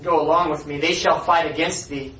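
A fearful, burdened pilgrim pleads in earnest, old-fashioned words, read aloud by a man. The voice sits high and is heard from far off through a dull, echoey recording. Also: steady tone, fairly quick, a bit bright, natural voice. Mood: pleading. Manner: earnest archaic reading.

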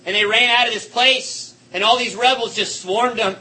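A man preaching a sermon with passion, swinging between shouting and hushed, quiet tones. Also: very high voice, fairly even intonation, normal speed, rough recording.

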